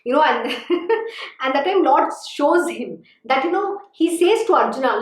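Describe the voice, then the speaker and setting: A woman's voice: high voice, lively intonation, moderate pace. A woman spiritual teacher giving a devotional discourse, earnest and exhorting, often saying "you know". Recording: echoey room.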